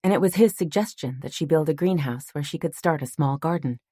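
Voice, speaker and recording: Low-voiced woman reading an audiobook. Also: husky, dry recording, studio quality. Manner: calm, measured storytelling. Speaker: audiobook narrator. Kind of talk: scripted narration.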